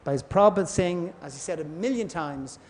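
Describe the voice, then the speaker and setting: High-voiced man giving a scripture class. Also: animated, fairly quick. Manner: storytelling, acts out voices in parables. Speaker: class speaker. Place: temple hall.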